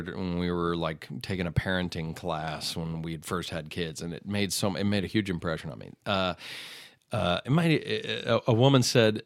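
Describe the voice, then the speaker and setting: A middle-aged man, a podcast guest, chatting casually and acting out voices as he tells animated stories. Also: low voice, smooth, dry recording, studio quality. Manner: animated storyteller, acts out voices in anecdotes.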